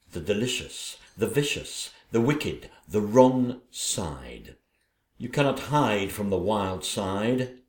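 A man's voice: lowish voice, roomy sound, voice pushed down. A man voicing a vain, scheming wicked stepmother queen in a theatrical audio play. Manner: theatrical, gloating, drawn-out delivery.

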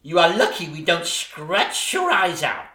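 A man's voice: fairly high pitch, big pitch swings, measured pace, sharp tone, slight background noise, heavily acted. A man playing a catty, vain ugly stepsister in a pantomime stage comedy, with a camp, teasing sing-song delivery. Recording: echoey stage recording.

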